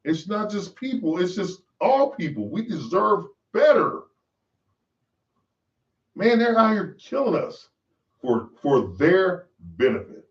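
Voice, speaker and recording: Profane ranting man, lively pitch. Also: slow pace. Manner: profane and preachy. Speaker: podcast host. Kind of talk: ranting monologue. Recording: roomy, distant, dull lo-fi sound.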